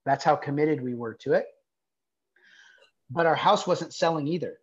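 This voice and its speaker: A man who founded a nonprofit earnestly shares a personal story in conversation, rambling and using "like" a lot. His voice is a little high, his speed normal, and the highs are cut off.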